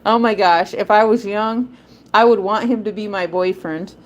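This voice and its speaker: A woman's voice: mid-range voice, moderate pace, lo-fi sound. A woman hosting a live stream, chatting in a rambling way and laughing often. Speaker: livestream host. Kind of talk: casual live-stream chat.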